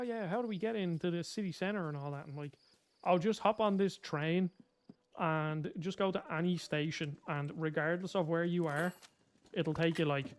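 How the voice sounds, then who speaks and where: A young man with a Dublin Irish accent chatting casually as a gaming YouTuber, rambling with lots of fillers and self-corrections. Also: on the high side. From Ireland. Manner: rambling, filler-heavy, often restarts and corrects himself. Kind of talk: casual chat.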